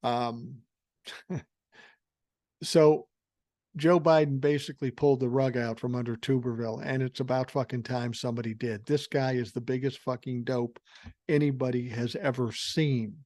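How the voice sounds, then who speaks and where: Here an older man hosting a podcast mocks and sneers his way through political commentary, profanely and sarcastically. The voice is mid-range and darkish, fairly even in intonation, at normal speed, with no room sound.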